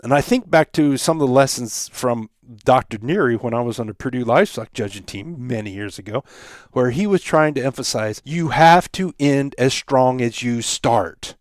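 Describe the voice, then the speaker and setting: A man's voice: mid-range voice, expressive, normal speed, no echo, clean studio sound. A middle-aged man hosting his own podcast, talking through lessons in a reflective, conversational way. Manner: reflective, conversational, acts out quoted examples. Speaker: podcast host. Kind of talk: solo podcast monologue.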